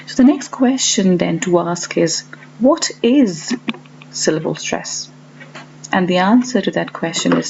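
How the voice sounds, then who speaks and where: A woman teaching a lesson, explaining step by step and slowly stressing each example word. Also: fairly low pitch, gravelly, a little mellow. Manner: slow and deliberate, stresses example words. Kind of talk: explaining to learners. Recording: dull lo-fi audio with faint hum.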